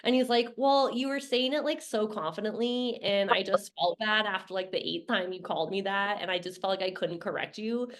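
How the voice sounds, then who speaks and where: A woman's voice: medium pitch, fairly quick, few pauses. A woman co-hosting a podcast, chatting casually and laughing easily. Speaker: podcast co-host, former coach. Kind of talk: casual chat.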